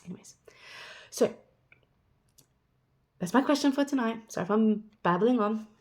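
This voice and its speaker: A woman's voice: fairly high pitch, expressive, normal speed, darkish tone. A woman in her thirties talking casually to her viewers, rambling and chatty, acting out what other people say. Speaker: vlogger. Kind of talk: casual chat.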